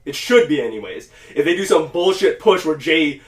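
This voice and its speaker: A man hosts a casual podcast with loose, rambling talk full of profanity, his voice sitting a touch high for a man. The sound is roomy and echoey, and he sits some way back from the microphone. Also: normal speed. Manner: rambling, profane, animated when quoting. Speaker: podcast host. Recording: echoey room, mic at a distance.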